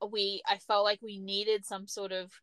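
A woman's voice: mid-range voice, little pitch movement, measured pace, a bit bright, smooth, no room sound. Woman podcast cohost chatting, lots of restarts, acts out what she said, dry close mic. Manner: chatty, restarts a lot, acts out her own reactions. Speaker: podcast co-host. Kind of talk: casual chat.

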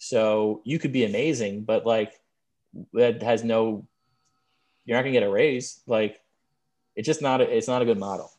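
A man with a fairly low voice co-hosts a podcast, talking loosely and hesitantly. His sentences wander and break off as he searches for the next word. The tone stays relaxed and conversational. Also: normal speed, long pauses. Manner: rambling, hesitant, trails off mid-sentence. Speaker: podcast co-host. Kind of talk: casual chat.

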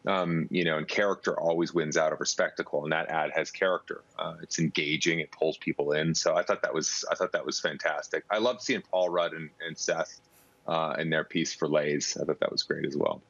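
A man's voice: a bass voice, fairly even intonation, a little fast, vocal fry, a bit bright, dry recording, highs cut off. A man giving an easygoing, quippy interview answer with some hesitations. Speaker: interview guest.

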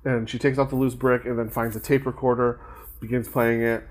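A man's voice: mid-range voice, little pitch movement, fairly quick. A man co-hosting a podcast, casually recapping a film plot with lots of fillers and restarts. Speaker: podcast co-host.

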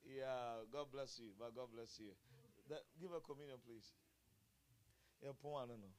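This male pastor's sermon at a church service comes in an unhurried, mid-range voice. He chuckles often, and his volume ranges from quiet murmurs to loud exclamations.

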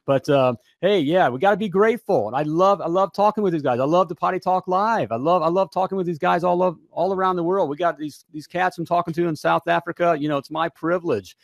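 An American man hosts a live podcast in an upbeat, folksy way and repeats his phrases as he goes. His voice sits a little high for a man. The sound is dry and close, with little room behind it. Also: quick pace, creaky, few pauses, dry recording. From United States. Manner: energetic, folksy, repeats himself a lot. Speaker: podcast host. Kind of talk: upbeat live show chat.

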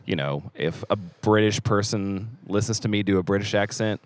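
A young man hosting a church podcast, chatting casually with an energetic, playful manner. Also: fairly low pitch, normal speed, no room sound. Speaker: podcast host. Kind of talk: casual chat. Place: church theater.

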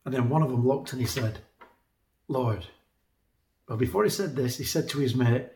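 A man's voice: medium pitch, normal speed, pauses often, darkish tone. A man preaching a sermon in an earnest, conversational way, often repeating words as he builds a point. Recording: echoey room.

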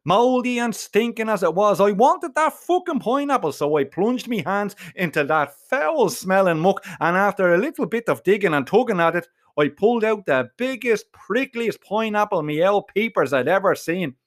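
A man's voice: sits high, moderate pace, few pauses. A man telling a comic first-person story, full of swearing and slang. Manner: profane, slangy, animated.

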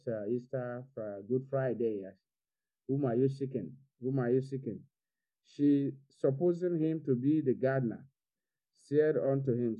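A man's voice: mid-range voice, dull audio. A man preaching an Easter sermon online, repeating his phrases and building to fervent exhortation. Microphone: online video call.

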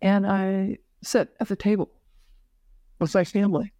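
A woman physician telling her personal story as a podcast guest, halting, with many fillers and restarts. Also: mid-range voice, steady tone, mellow, dry recording. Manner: emotional at moments. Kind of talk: personal story told in an interview.

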